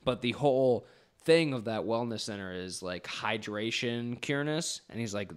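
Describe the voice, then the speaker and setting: A man's voice: medium pitch, animated, normal speed, smooth. A young man co-hosting a podcast, rambling through a movie plot in casual chat, swearing and acting out the characters' lines. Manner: rambling, swearing, acts out scenes with laughter. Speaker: podcast co-host.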